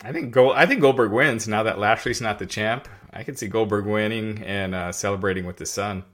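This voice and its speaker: A man co-hosting a podcast, chatting about wrestling in an animated way and acting out quotes. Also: fairly low pitch, brisk. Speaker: podcast co-host. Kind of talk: casual wrestling chat.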